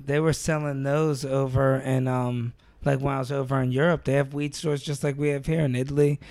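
A man's voice: mid-range voice, level tone, a little fast, a little mellow, no room sound. A man co-hosting a casual chat, laid-back and slangy, laughing often. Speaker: podcast co-host.

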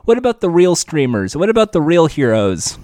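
A man's voice: fairly high pitch, big pitch swings, a little fast, a little mellow, no echo, studio quality. A man co-hosting a casual podcast, ranting and swearing in mock outrage. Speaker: podcast co-host.

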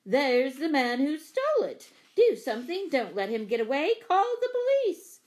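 A woman reading a storybook and voicing a fussy, indignant older woman who talks shrill, loud and accusing. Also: very animated, normal speed. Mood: alarmed.

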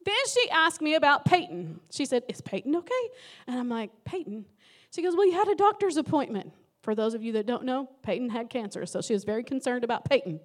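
High-voiced woman pastor preaching. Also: very animated, a little fast, few pauses. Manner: emotional, dramatic storytelling with sudden loud emphasis. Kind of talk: sermon.

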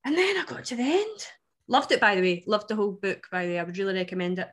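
A Scottish woman from Scotland co-hosting a book podcast, chatting in a wry, animated way. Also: mid-range voice, fast. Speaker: podcast co-host. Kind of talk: casual chat.

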